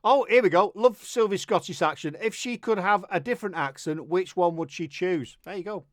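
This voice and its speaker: Middle-aged man, Mancunian accent, talkative radio host, fairly high voice, dry close sound. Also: fairly quick, no echo. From Manchester, England. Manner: chatty, jokey, rambling with restarts. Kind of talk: casual interview chat.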